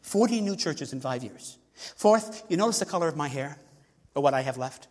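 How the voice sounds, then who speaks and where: A man's voice: a little high, lively intonation, moderate pace, a little mellow. An older man preaching a folksy sermon on giving, calling on people in the pews by name. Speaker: visiting bishop's envoy preaching on tithing. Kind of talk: sermon with audience participation. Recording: long church reverb.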